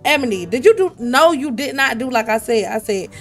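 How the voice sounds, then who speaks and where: A young woman speaks, her voice sitting a touch on the high side. She chats loosely through a game session, laughing easily and talking straight to her characters. Quiet music plays faintly beneath her. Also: expressive, brisk. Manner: chatty, laughs often, talks back to her characters. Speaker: let's play host. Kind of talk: casual gameplay commentary.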